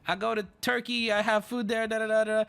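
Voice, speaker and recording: A man's voice: high-pitched, little pitch movement, a little fast, creaky, fairly bright tone, smooth. A man putting on a heavy Chinese accent to play a blunt young male driver in a story. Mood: insistent.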